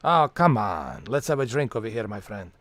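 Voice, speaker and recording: Friendly sociable buddy, as a guy on a stream quotes him, lively up-and-down voice. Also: fairly low pitch, moderate pace, no room sound. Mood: coaxing. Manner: warm coaxing repetition of "my friend".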